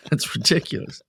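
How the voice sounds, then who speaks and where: A man's voice: no room sound, studio quality. A man co-hosting a casual wrestling podcast, rambling and playful, with stumbling restarts. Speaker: podcast co-host.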